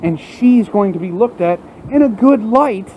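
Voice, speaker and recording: A man's voice: sits high, expressive, unhurried, dull audio, slight background noise. An angry man delivering an unscripted, profane rant into his phone at work, in front of a large window. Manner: heated, profane ranting. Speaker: vlogger.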